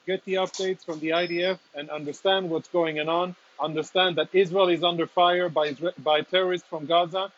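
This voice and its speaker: A man with a somewhat high voice speaks as a military spokesman, live from inside a damaged apartment. He talks earnestly and insistently, with a slight emotional edge. The audio is dull and lo-fi, like a phone livestream. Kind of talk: live on-location statement.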